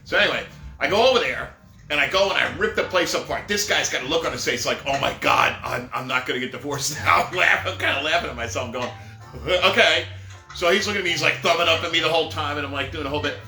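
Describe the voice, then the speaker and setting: A man's voice: a little high, fast talker, bright, forceful tone. A middle-aged man telling rambling, jokey stories on a live stream and laughing at his own jokes, recorded in an echoey room with faint music behind. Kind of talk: casual storytelling.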